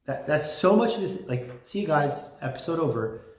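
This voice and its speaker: A man's voice: fairly high pitch, sing-song, moderate pace. A man giving a casual classroom lecture, talking conversationally with many fillers and restarts. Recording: roomy classroom sound.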